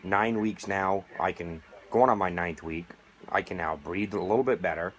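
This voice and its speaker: In a low voice at a moderate pace, with a faint hiss or hum on the recording, a middle-aged American man appeals straight to camera. He argues for vaping in a sarcastic, indignant tone.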